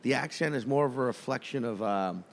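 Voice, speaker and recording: A man's voice: medium pitch, brisk, in a large hall, a little hiss or hum. Rambling, swearing male podcast co-host. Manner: rambling, profane, many restarts. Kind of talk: casual podcast chat.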